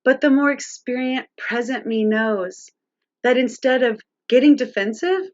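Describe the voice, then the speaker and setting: A woman's voice: on the high side, steady tone, unhurried, lo-fi sound. A woman presenting a live-streamed teaching talk on parenting, speaking directly to viewers and their chat.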